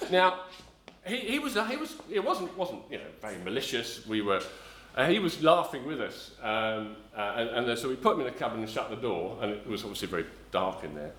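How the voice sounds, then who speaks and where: A man's voice: medium pitch, sing-song, fairly quick, a bit bright, reverberant, a little hiss or hum. A middle-aged man from south-east London preaching a sermon, telling a rambling personal story with many ums and restarts. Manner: rambling, self-correcting storyteller, frequent ums.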